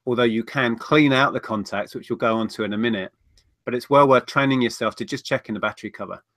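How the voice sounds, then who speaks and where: A man's voice: medium pitch, fast, fairly bright tone, dry recording, clean studio sound. A man chatting casually on a livestream, rambling through viewer questions. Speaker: co-host of a reselling livestream.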